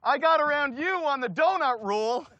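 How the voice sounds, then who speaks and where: A man's voice: very high-pitched, expressive, moderate pace, bright, forceful tone, no room sound, muffled recording. A middle-aged man co-hosting a car show, chatting casually and commentating, enthusiastic and laughing. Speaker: show co-host. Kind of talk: casual chat and race commentary.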